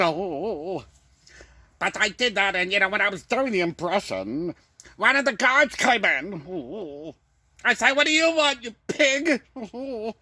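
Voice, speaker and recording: A man putting on the voice of a flamboyant older male TV personality, with theatrical, drawn-out exclamations. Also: high-pitched, sharp tone, no room sound, pitched above the performer's own voice, full character voice.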